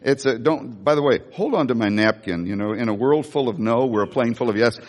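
Older guy preaching, folksy storyteller, mid-pitched voice, long echo like a big church hall. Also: a little fast, darkish tone. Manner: folksy storytelling with repeated restarts. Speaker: pastor. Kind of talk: sermon. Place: church sanctuary.

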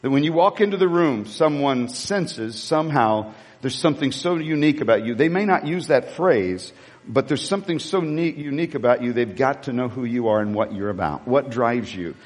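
A man preaching a sermon as pastor, rousing the congregation to shout and praise. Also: mid-range voice, expressive, normal speed. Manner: rousing, calls the crowd to shout. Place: church sanctuary. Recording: long hall reverb with soft music.

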